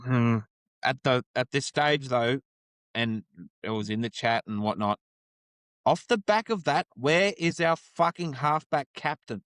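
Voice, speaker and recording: A man's voice: medium pitch, lively intonation, unhurried, a bit bright, clean tone, no echo. An Australian man co-hosting a sports podcast, ranting and swearing about a rugby league game in casual chat. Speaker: podcast co-host. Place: studio.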